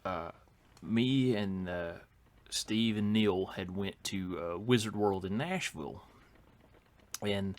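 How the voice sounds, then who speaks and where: Low-voiced middle-aged man. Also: slow pace. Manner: rambling, lots of fillers and restarts. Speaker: podcast co-host. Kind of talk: casual storytelling chat.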